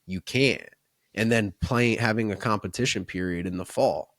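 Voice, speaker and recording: A man's voice: lowish voice, moderate pace, fairly bright tone, no room sound, clean studio sound. A man who coaches baseball, co-hosting a casual podcast and talking in long run-on thoughts that he often caps with "right?" and "like".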